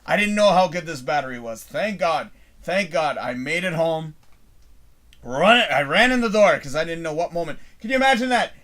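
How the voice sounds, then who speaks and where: Hosting a live show, this middle-aged Canadian man rambles through a lengthy tale with casual energy, swearing without restraint. He speaks at a normal pace with a fairly high pitch.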